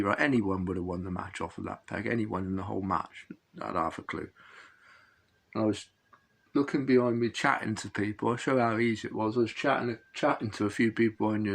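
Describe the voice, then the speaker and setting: A middle-aged fishing channel host tells a casual anecdote about an old fishing match, rambling, chuckling, and often correcting himself mid-sentence. His voice is lowish and creaky, and he talks at a quick pace.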